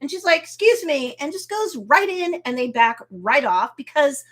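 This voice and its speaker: A woman hosting a casual live review of a TV episode, recapping scenes in a lively way, acting out the characters' reactions, and slipping into motherly advice. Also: high-pitched, normal speed. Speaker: host and TV reviewer.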